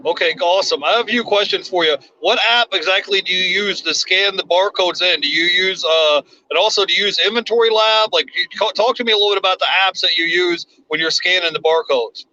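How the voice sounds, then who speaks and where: High, bright-voiced man hosting a livestream. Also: brisk, few pauses, dull audio. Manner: rambling, restarts often, reads viewer comments aloud. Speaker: livestream host. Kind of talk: casual live chat.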